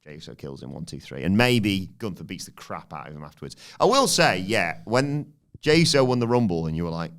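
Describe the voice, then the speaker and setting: A man's voice: sits low, animated, fairly quick. A man hosting a casual wrestling podcast, joking, laughing often and acting out quotes. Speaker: podcast host.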